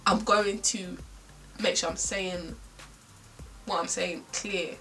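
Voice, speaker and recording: A woman's voice: medium pitch, fairly even intonation, a little slow, long pauses, sharp tone, recorded from a distance, faint music behind, rough recording. A young woman from South London with a South London accent, chatting casually in a get-ready-with-me vlog, ranting with slang and lots of "like". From South London, England. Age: young adult. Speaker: beauty vlogger.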